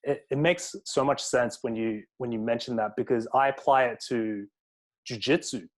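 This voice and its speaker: A man's voice: mid-range voice, moderate pace. Man, podcast host, casual chatty interviewer, mid-range voice. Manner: relaxed, chatty, filler-heavy.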